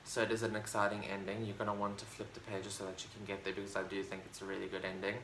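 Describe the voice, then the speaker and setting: A man with a lowish voice talks through his favorite books in a loose, enthusiastic vlog chat, stumbling and restarting as he goes. The room around him rings with echo, and a faint hiss sits underneath. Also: completely flat delivery, racing. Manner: rambling, enthusiastic, full of fillers and restarts. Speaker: book vlogger. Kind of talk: casual book review chat. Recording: roomy echo, faint background noise.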